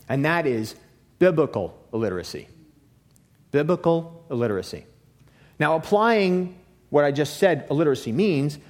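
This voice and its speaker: A middle-aged man preaching a sermon in a casual, conversational way, often checking in with "okay?" and repeating himself for emphasis. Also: on the high side. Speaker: pastor.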